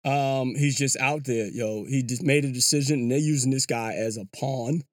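A man hosts his own podcast with casual solo commentary, talking loosely and rambling, peppered with "yo" and restarts. His mid-range voice holds a steady tone at normal speed. The dry, clean studio sound comes from a small enclosed booth, with clear background music.

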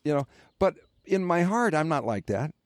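A man's voice: a little high, sing-song, normal speed, no echo, clean studio sound. An older man and former radio host, telling rambling stories in casual podcast chat with many fillers.

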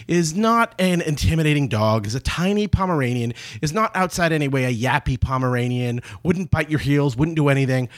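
A man co-hosting a talk show, telling a story in casual chat, laughing and acting out the people in it. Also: on the high side. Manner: animated, laughing, acts out quoted people. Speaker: podcast co-host.

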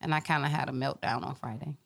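Animated young woman telling a story. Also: rumbling low, quick pace, gravelly. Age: young adult. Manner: animated storytelling with voiced quotes. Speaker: podcast co-host. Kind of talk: casual chat.

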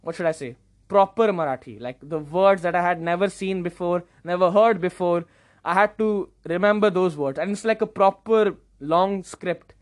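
A young man hosting a podcast, telling a casual story in an animated, self-mocking way and often stumbling over repeated words. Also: sits high, normal speed. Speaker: podcast host.

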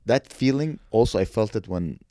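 Man, comedian, casual podcast chat, lively swooping delivery, dry close sound. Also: lowish voice, normal speed, dry recording. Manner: animated, joking, bursts into silly voices.

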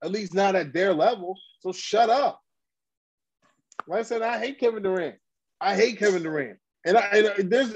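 A man's voice: sits high, husky, muffled recording. A man hosting a casual podcast chat, ranting bluntly and heatedly in slang with many restarts. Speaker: podcast host.

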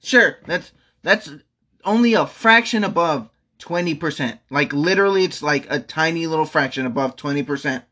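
Exasperated high-voiced young man venting. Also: normal speed, pushed and bright. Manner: exasperated, repetitive, swearing. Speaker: vlogger. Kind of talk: angry venting monologue. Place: at home.

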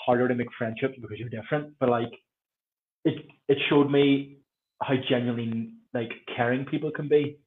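Northern irish guy in his 30s, animated storyteller, does the voices, tinny phone-like sound. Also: mid-range voice, moderate pace, slight background noise. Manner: animated storyteller who acts out quoted voices. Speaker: podcast guest. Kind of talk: casual conversation.

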